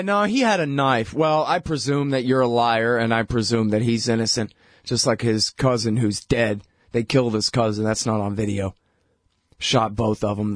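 A man's voice: mid-range voice, dry recording, studio quality. A male radio host giving blunt, heated political commentary in a conversational way, with frequent fillers.

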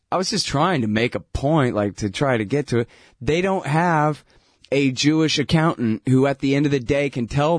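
Studio-quality audio with no echo carries a man ranting in a laid-back, sarcastic manner. He laughs as he goes and mocks others by putting on whiny, falsetto impressions.

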